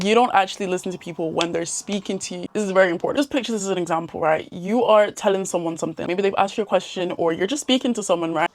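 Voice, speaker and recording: A young woman giving casual, chatty advice to camera in a slangy way. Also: medium pitch. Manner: chatty and slangy, laughs often. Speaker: self-improvement vlogger.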